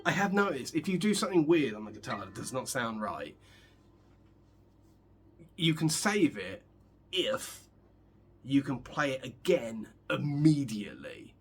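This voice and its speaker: Young male guitar vlogger, loose joking ramble between practice, clear guitar behind. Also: mid-range voice, big pitch swings, unhurried, long pauses. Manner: rambling, joking, many restarts. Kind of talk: casual chat while practicing guitar. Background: guitar playing.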